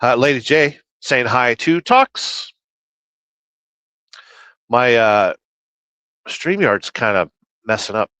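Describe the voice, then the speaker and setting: A man's voice: mid-range voice, lively intonation, takes it slowly, long pauses, pushed and bright, dry recording, low-quality recording. A man livestreaming while trucking, reading chat aloud and rambling through opinions in casual talk.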